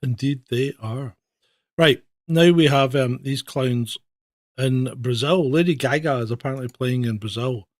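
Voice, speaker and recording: A man's voice: medium pitch, a little slow, dry recording. A man co-hosting a casual news roundup, mocking the stories with disbelief. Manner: incredulous, mocking. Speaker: co-host. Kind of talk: casual news commentary chat.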